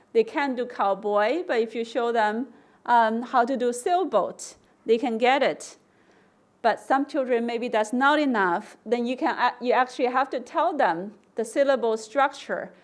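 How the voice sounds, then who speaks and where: A woman giving an academic conference lecture, explaining testing steps and acting out example prompts with slow, stressed words. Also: on the high side. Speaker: conference speaker.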